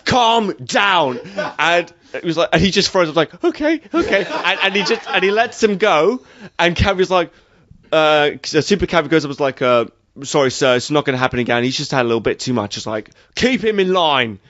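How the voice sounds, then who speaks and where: A man's voice: a little high, quick pace, a bit bright, dry recording, highs cut off. A man telling a story in casual chat, rambling with many fillers. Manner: loose, rambling, full of fillers.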